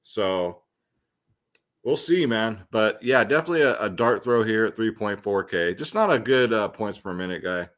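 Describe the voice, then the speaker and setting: A young man hosting a fantasy sports picks show gives a casual, slangy rundown, full of ums and offhand remarks. His low voice is expressive and fairly bright, moving at a normal pace.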